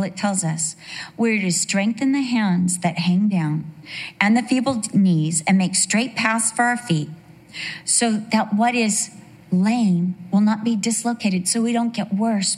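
A middle-aged woman giving a conversational sermon, telling chatty stories with asides and questions to her listeners. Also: mid-range voice. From United States. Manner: chatty storytelling with frequent asides and rhetorical questions. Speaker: Bible teacher.

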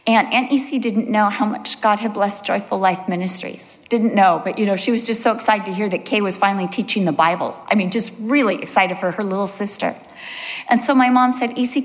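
A middle-aged woman, a Bible teacher, giving a conversational sermon to an audience and telling stories in a chatty, animated way. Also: medium pitch. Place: large hall before an audience. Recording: long reverb of a large hall.

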